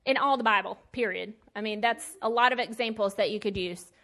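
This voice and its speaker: A woman's voice: medium pitch, brisk, fairly bright tone. A woman teaching a Bible lesson in a casual sermon style, conversational and emphatic with plain slangy asides.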